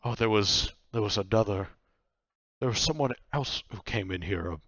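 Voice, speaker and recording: A man's voice: lowish voice, animated, moderate pace, a bit bright, no room sound, dull audio. A man voicing a stammering, apologetic male nightmare spirit in a cloak, hesitant and tripping over his words.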